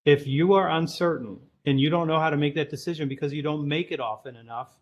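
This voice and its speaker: A man's voice: a little high, fast talker. A man speaking as a podcast guest, talking through sales advice in a direct, opinionated, plain-spoken way. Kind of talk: casual podcast conversation.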